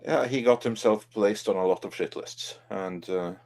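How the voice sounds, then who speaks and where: Male co-host, lowish voice, measured delivery for live stream chatter. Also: creaky, darkish tone. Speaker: livestream co-host. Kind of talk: casual entertainment-news chat.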